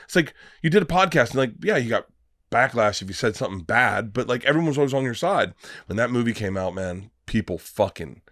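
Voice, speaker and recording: A man who is a comedian guest on a podcast, telling stories in a casual, animated way, acting out the voices in his stories and swearing freely. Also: mid-range voice, brisk, no room sound, clean studio sound. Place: podcast studio.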